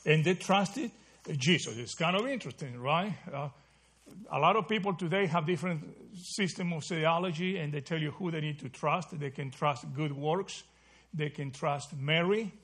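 A man's voice: fairly high pitch, moderate pace, a bit bright, husky. A man teaching a Bible study in a conversational sermon style, often checking in with his listeners and correcting himself mid-phrase. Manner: conversational, checks in with "okay?" and "right?".

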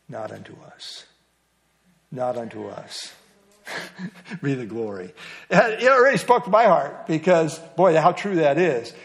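A middle-aged man teaching a small Bible study class in a folksy, teasing way, with a lot of fillers and restarts. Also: medium pitch. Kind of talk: casual Bible lesson.

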